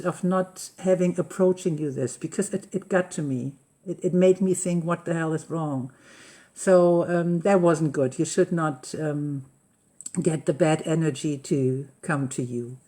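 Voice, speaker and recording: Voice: medium pitch, steady tone, unhurried, darkish tone. A host telling everyday personal stories in a rambling, chatty way, often searching for the right English words. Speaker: host of a live coffee-and-talk session. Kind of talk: casual personal storytelling. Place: lives on a rural estate in Mallorca.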